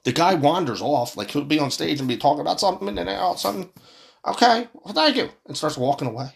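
A man's voice: fairly high pitch, expressive, rapid-fire, vocal fry. A man ranting angrily about politics as a commentator, heated and swearing, often stumbling and repeating words. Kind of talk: angry profane political rant.

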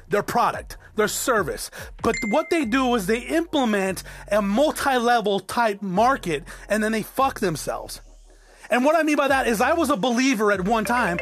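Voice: medium pitch, a bit bright. A podcast host and business owner giving a blunt, profane solo monologue, often checking in with the listener by asking "okay?".

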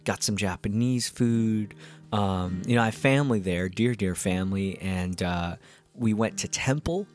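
A man's voice: fairly low pitch, a little slow. A man who hosts a podcast, telling stories from his week in a rambling casual way, with many ums and restarts. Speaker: podcast host and musician. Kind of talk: casual storytelling monologue.

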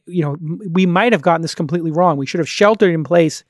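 A podcast host with a slightly high voice talks fast in a studio-quality recording with no room sound. He chats casually, thinking aloud and restarting his sentences as he goes.

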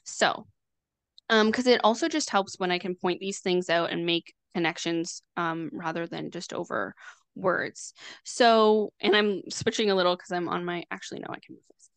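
A woman's voice: fairly low pitch, measured pace, fairly bright tone, smooth, dry recording. A woman astrologer explaining things casually on a video call, chatty, with lots of fillers and restarts. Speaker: astrologer guest.

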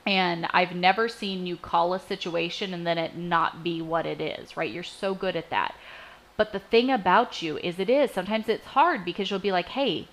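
A woman's voice: on the low side, moderate pace, poor audio. A woman in her forties chatting casually and affirmingly about her husband's faith and honesty. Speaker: co-host. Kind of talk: casual Christian podcast chat.

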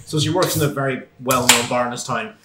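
Fast-talking, profane young Irish man. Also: mid-range voice, a crowd in the background. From Ireland. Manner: quick, profane storytelling with laughs. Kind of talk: casual podcast chat. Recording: echoey room.

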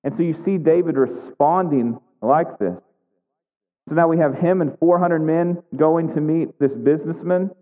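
A man's voice: a little high, normal speed. A man preaching a sermon in a conversational way, often tagging on "right?" as he goes. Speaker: pastor. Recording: tinny phone-like sound with long hall reverb.

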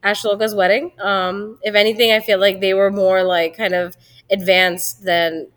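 A woman chatting casually on a video call, relaxed and hedging her opinions. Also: mid-range voice, moderate pace. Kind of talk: casual chat.

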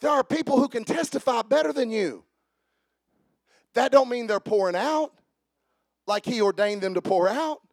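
A male pastor preaching a sermon, telling stories and repeating phrases for emphasis, moving from quiet asides to fervent shouting. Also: very high-pitched, moderate pace, pauses often, no echo.

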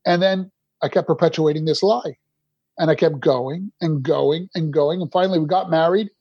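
A man's voice: a little high, moderate pace, slightly rough, no echo, lo-fi sound. A middle-aged man from Canada, a podcast guest, telling his recovery story candidly in a rambling way, restarting his sentences often.

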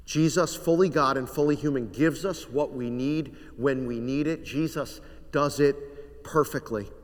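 A male pastor preaching a sermon in earnest tones, dropping to a hush on solemn lines. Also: medium pitch, a little slow. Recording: long hall reverb.

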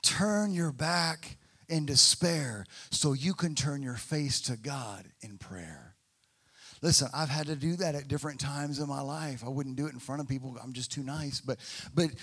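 A man preaching a sermon as a pastor, talking casually to the congregation, rising to emphatic peaks and dropping to quiet, hushed prayer. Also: a little high, expressive, unhurried, husky. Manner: acts out quoted voices and prayers.

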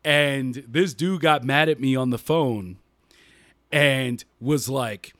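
A man telling funny stories in a casual, animated way, laughing often and dropping his voice low and calm when he quotes himself. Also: unhurried, no echo. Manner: uses "y'all" and slang. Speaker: podcast guest storyteller. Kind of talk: casual storytelling.

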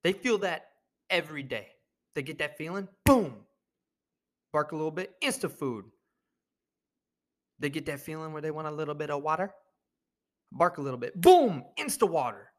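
A young man hosting his own podcast, rambling through a jokey, profane monologue with sudden loud bursts. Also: fairly high pitch, lively intonation, normal speed, long pauses. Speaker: podcast host. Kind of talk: casual comedic monologue.

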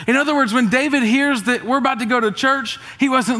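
A middle-aged pastor preaches a lively, joking sermon to his congregation. His voice sits high for a man and often swells into shouts. It rings with the long reverb of a large church hall. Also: moderate pace, hardly any pauses. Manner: energetic, joking, rising to shouts. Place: church auditorium.

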